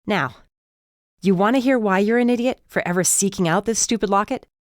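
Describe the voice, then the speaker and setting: A woman's voice: medium pitch, a little fast, no room sound, clean studio sound, voice pushed up, close to an everyday voice. Woman voicing a smug gloating young man. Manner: smirking, mocking.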